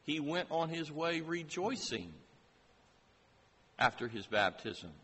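A man preaching a sermon, slow and emphatic, asking many rising rhetorical questions. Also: a little high, very animated, bright, forceful tone, husky. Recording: long reverb of a large hall.

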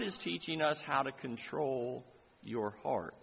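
A man preaching a sermon, slow and emphatic, asking many rising rhetorical questions. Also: medium pitch, expressive, vocal fry, fairly bright tone, breathy edge. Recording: long reverb of a large hall.

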